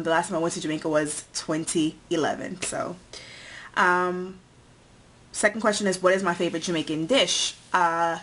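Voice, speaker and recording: In a tag video, a young American-born woman vlogs casually, running through a list item by item and filling it with fillers. Her pitch is fairly low, and a little hiss or hum sits under the audio.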